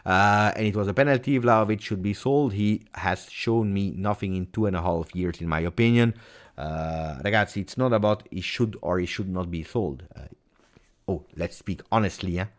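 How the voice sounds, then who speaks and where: A man's voice: low-pitched, normal speed. A man hosting a live post-match football reaction stream, talking in a heated, emphatic way and repeating phrases for stress. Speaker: football channel host.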